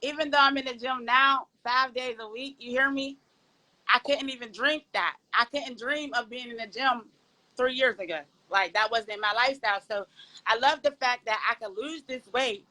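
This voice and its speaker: Pittsburgh-accented woman, podcast guest, bright and animated, a bit high, over a video call. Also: moderate pace, low-quality recording. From Pittsburgh, Pennsylvania. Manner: animated, talks to the audience as y'all, folksy. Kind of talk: casual testimonial chat.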